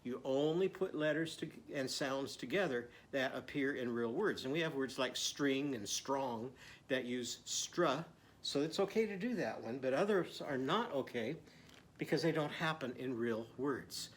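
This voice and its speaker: A man's voice: medium pitch, expressive, a little slow. A man teaching a children's phonics lesson, patiently sounding out syllables. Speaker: literacy teacher.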